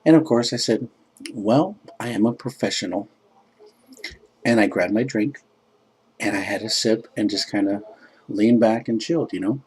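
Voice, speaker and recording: A man's voice: on the low side, normal speed, a little mellow, husky. A laid-back man casually telling a rambling personal story, filled with "you know" and self-described joking.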